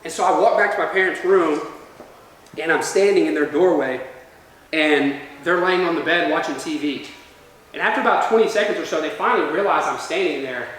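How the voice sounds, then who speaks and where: A man's voice: a little high, brisk, a bit bright, slight background noise. A man giving a motivational talk to students in a large university lecture room, telling a story and often checking in with the crowd. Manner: storytelling, keeps checking in with "all right?". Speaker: motivational speaker. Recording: echoey hall from far off.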